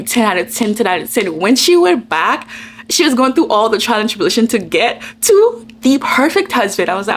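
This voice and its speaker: A woman's voice: a little high, big pitch swings, brisk, slight background noise. A woman book vlogger chatting casually and animatedly, gushing about a movie and books and acting out her own reactions, with lots of "like". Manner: many fillers like "like". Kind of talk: casual chatty vlog review.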